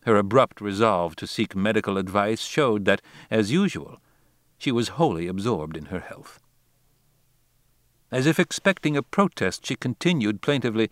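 A man narrating a classic novel as an audiobook, in a measured, deliberate reading style. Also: lowish voice, lively intonation, no echo, clean studio sound.

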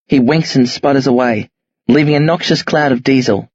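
A man reading a first-person novel as an audiobook, in a measured, understated manner. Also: mid-range voice, a little mellow, husky, dry recording, dull audio. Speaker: audiobook narrator.

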